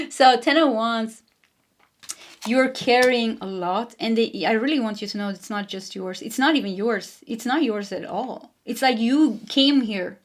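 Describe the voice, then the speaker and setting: Chatty woman reading tarot. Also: on the high side. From Sweden. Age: 40s. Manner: chatty, laughs often, wanders off mid-sentence. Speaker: tarot reader.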